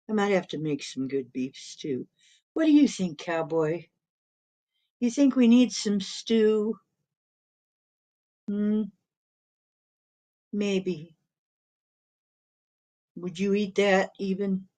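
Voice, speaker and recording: A middle-aged woman chats on her live stream at an unhurried, drawn-out pace. She rambles easily and chuckles often as she answers comments and talks to her cat. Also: lowish voice, a little mellow. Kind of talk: casual chat reading live comments.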